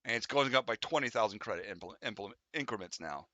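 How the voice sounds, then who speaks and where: A man's voice: lowish voice, animated, a little fast, pushed and bright, muffled recording. A man narrating as game master of a tabletop game, rambling with fillers and restarts as he describes the scene. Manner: rambling, full of fillers and restarts, voices the figures lightly.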